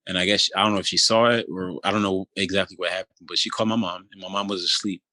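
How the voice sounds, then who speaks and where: A man in his thirties tells his own story in an interview, speaking low and with little rise and fall. His voice has a bright, pressing edge, and the recording is dry and close. He talks in a halting, loose way, with constant "you know"s and restarts. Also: steady tone, dry recording. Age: 30s. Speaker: interview guest. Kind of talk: telling a personal story in conversation.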